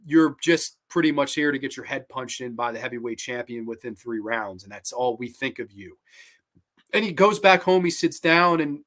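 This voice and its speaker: A man's voice: medium pitch, animated, moderate pace, fairly bright tone. A young man hosting a casual movie talk show, enthusiastic and rambling, with lots of fillers and restarts. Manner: hums and sings snatches of film music. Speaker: host.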